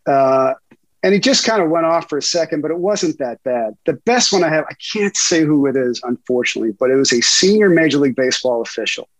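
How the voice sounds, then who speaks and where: Animated middle-aged man telling stories. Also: fairly high pitch, fast talker, no room sound, low-quality recording. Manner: animated storyteller, laughs often, many fillers. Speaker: investigative sports reporter, guest. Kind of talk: casual interview storytelling.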